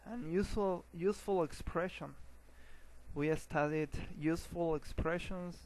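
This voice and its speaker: A man teaching an English lesson, often restarting words and filling pauses with uh and um. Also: fairly high pitch, a little mellow, low-quality recording. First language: Spanish. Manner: hesitant, repeats words, many fillers.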